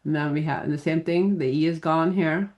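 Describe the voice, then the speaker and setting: A Norwegian language teacher whose first language is Norwegian explains a grammar lesson in a medium-pitched, steady, somewhat dark voice at normal speed. Patient and plain, they spell out letters and use many "uh" fillers.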